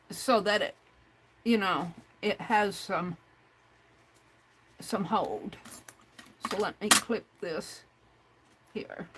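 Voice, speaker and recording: Working through a crafting livestream, this woman talks to herself and her audience in a chatty, easygoing way, reading out messages from chat. She has a medium-pitched voice, and the audio quality is low.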